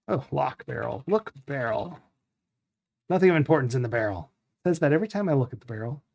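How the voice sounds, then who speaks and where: Wry deadpan man streaming a retro game. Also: mid-range voice. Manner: wry, deadpan self-talk with mock-dramatic readings. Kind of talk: casual live-stream commentary, reading game text aloud.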